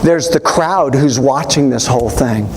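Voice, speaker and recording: A male pastor preaching a sermon in a church, telling the story in an animated way with quoted voices. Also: mid-range voice, unhurried, a little hiss or hum.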